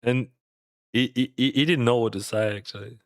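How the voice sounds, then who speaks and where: A man's voice: mid-range voice, fairly even intonation, moderate pace, no room sound, clean studio sound. Russian-accented man chatting while playing poker. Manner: laughs often, chatty, loose with grammar. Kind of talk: casual chat while playing online poker.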